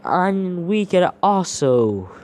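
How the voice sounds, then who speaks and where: A man telling a fan story off the cuff, rambling and circling back with "basically" again and again. His voice is dark and mellow. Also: sits high, big pitch swings, drawn-out words, slight background noise. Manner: rambling, leans heavily on "basically". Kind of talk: casual fan-story narration.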